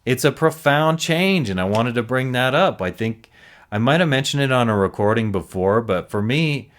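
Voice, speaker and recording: A man's voice: mid-range voice, lively intonation, moderate pace. A man hosting a solo recovery podcast, talking earnestly and reflectively with frequent restarts.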